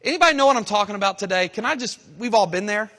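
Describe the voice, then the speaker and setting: High bright-voiced man preaching in a hall. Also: expressive. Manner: preaching with surging emphasis and dramatic pauses. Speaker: pastor. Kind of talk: sermon. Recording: long hall reverb.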